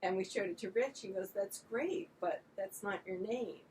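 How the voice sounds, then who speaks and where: A woman's voice: medium pitch, normal speed, a little mellow. Older woman, casual co-host, rambling self-deprecating storyteller, distant mic with faint noise. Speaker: podcast co-host. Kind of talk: casual chat.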